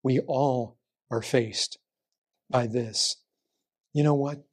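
A man preaching a sermon, full of rhetorical questions and swinging between raised, urgent lines and low, hushed ones. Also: steady tone, extremely slow.

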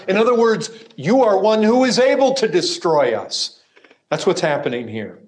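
A man preaching a sermon, emphatic, moving from raised, ringing lines to quiet, hushed asides. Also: high voice, sing-song, normal speed. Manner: emphatic, swings between loud cries and hushed asides.

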